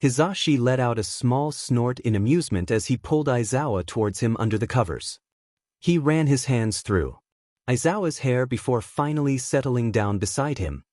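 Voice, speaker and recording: A man narrating a fan fiction story in an even, unhurried reading voice. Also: mid-range voice, no echo, clean studio sound. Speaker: fanfiction reader. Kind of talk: scripted narration.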